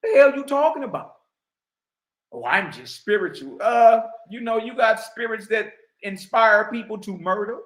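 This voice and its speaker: A man's voice: extremely high pitch, fairly even intonation, normal speed, echoey room, poor audio. A man teaching spirituality in an emphatic preaching style, full of slang and asides to his listeners. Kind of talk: preaching commentary.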